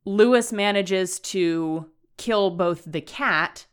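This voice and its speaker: Speaking slowly in a clear, resonant, medium-pitched voice, a woman co-hosts a podcast and talks casually about a horror novel, with dry remarks and laughter along the way.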